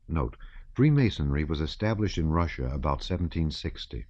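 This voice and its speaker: A man narrating an audiobook in a measured, even reading style. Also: extremely low pitch, no echo, muffled recording.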